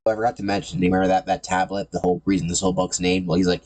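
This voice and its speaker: A man's voice: deep voice, fast, creaky, hardly any pauses, a little mellow. A man giving casual, sarcastic commentary on a comic book series, often repeating words as he goes.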